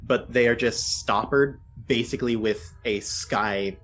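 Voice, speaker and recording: A man's voice: mid-range voice, a little slow, a bit bright, faint music behind. A man narrating a tabletop game as dungeon master, loosely and with many fillers.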